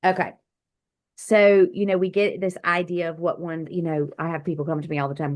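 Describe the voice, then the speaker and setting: A woman, a doctor and healer, telling her story in an interview over a video call, vivid and animated, acting out the quotes. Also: lowish voice, fairly quick.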